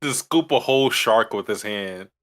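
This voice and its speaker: A man co-hosting a podcast in casual chat, halting and repeating words as he recounts scenes. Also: lowish voice. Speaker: podcast co-host.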